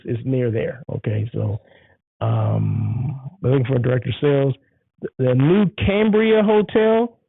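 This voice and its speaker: A man's voice: mid-range voice, creaky, breathy edge, no room sound. A man hosting his own show, chatting casually and enthusiastically, rambling and repeating himself. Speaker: show host. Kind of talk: casual solo show chat. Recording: tinny phone-like sound.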